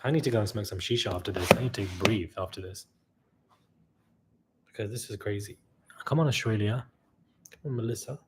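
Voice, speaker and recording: A tired man hosting a long live stream, chatting casually and reading out viewer messages, sometimes loud and sometimes quiet. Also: on the low side, fairly quick, long pauses, background noise. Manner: chatty, laughing, shifts between loud and quiet. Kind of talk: casual live chat reading super chats.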